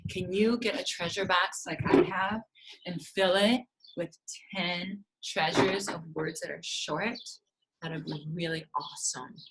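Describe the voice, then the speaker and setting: A woman speech therapist teaching preschoolers, talking in a sing-song, drawn-out way and clapping out syllables. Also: lowish voice, steady tone, fairly bright tone, a little hiss or hum, rough recording. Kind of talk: slow, sing-song teaching to young children.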